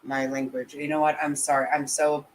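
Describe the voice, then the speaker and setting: A woman's voice: sits low, little pitch movement, normal speed, a little hiss or hum, low-quality recording. Woman, livestream host, casual commentary, blunt, indignant, profane. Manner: blunt, indignant, swears freely. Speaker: livestream host reading chat.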